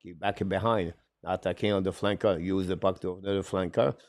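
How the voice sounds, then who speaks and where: A man calling hockey play-by-play on a live stream. He talks haltingly, with frequent "uh" fillers, broken English phrasing and apologetic self-corrections. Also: deep voice, fairly even intonation, dry recording, studio quality. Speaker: play-by-play commentator and show host.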